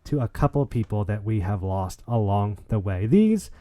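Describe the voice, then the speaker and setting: A man hosting a gaming league podcast, chatting in an excitable, jokey way with lots of restarts. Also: fairly low pitch, moderate pace, dry recording. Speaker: podcast host. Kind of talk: casual podcast chat and wrap-up.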